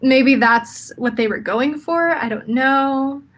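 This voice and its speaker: A woman's voice: sits high, slow pace, fairly bright tone. Chatty opinionated young woman. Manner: chatty, opinionated, laughs often. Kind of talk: casual chat.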